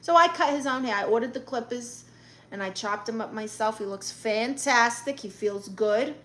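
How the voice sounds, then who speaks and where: A woman's voice: a little high, moderate pace, pushed and bright, slight background noise. A woman doing a brassy Brooklyn auntie. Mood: sassy. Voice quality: sassy, blunt, boastful. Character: brash middle-aged Brooklyn aunt posing as therapist. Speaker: livestream host. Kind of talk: in-character livestream chat reading.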